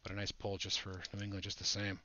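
A man hosting a live trading-card break, chatting excitedly with viewers as he opens packs. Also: fairly low pitch, fast. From Buffalo area, United States. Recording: dull lo-fi audio.

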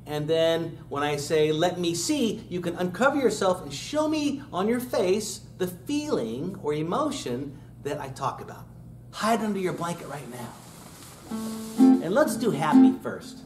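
Animated man leading kids' sing-along. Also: on the high side, a little slow. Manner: upbeat, sings with guitar, asks kids questions. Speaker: children's music class teacher. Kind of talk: sing-along lesson for kids. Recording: roomy room with loud guitar. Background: acoustic guitar playing.

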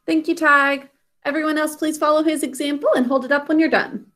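Brief: a woman as a high, bright-voiced phonics teacher, slowly sounding out words. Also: steady tone. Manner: slow, drawn-out sounding out of words; encouraging praise for students. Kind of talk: spelling and phonics lesson.

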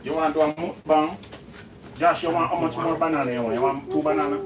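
A man's voice: a little high, fairly even intonation, fast, distant mic, a loud crowd. A Jamaican man co-hosting a home cooking livestream, joking, teasing and humming fanfares. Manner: jokey, sings fanfare sounds, teasing. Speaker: co-host. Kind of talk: casual livestream chat. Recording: noisy home recording.

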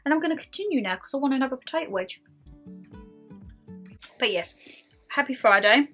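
Chatty woman vlogger, bright and a touch high, self-mocking, music under her voice. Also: animated, brisk. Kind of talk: casual chat to camera while eating.

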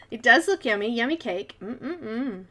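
In a mid-range, slightly bright voice, an Australian woman hosts a live colouring stream. She chats and giggles with viewers as she works, keeping the tutorial casual.

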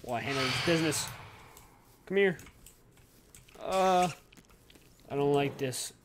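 A man's voice: a little high, a little slow, very noisy. A young man giving casual, goofy commentary while playing a video game and talking to his in-game pet. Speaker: gaming YouTuber.

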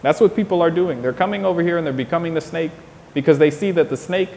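A man's voice: a little high, fast, creaky, darkish tone, in a large hall, slight background noise. A man from the United States, interviewed outdoors, talking in a passionate, preachy monologue that keeps repeating its points. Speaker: interview guest.

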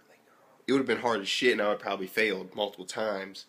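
A young man from the US giving a casual anime review, telling stories animatedly and swearing constantly, jumping between loud outbursts and near-whispered asides. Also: on the low side, steady tone, fast. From United States. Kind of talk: casual profane review rant.

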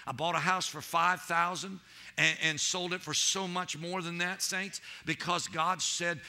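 A man's voice: high voice, steady tone, unhurried, creaky, pushed and bright. A man preaching a sermon as pastor, telling stories with animation and calling out to his congregation as saints.

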